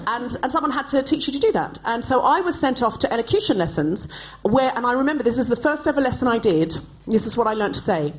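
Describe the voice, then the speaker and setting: Woman from australia, 40s, wry self-mocking standup on a live stage, slightly high voice. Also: sing-song, fast, hardly any pauses, poor audio. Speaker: podcast host. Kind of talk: stand-up comedy monologue. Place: live stage before an audience.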